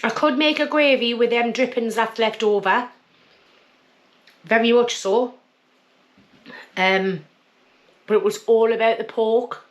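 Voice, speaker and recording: A woman's voice: fairly high pitch, unhurried, long pauses. A woman hosting a casual cooking vlog, chatting homely while she eats. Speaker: cooking channel host.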